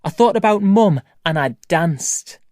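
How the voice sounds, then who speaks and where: A reader narrating a first-person graded-reader story for language learners, reading slowly and clearly. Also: medium pitch, expressive, a little mellow, dry recording, studio quality. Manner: slow, clear, carefully paced reading. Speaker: audiobook reader.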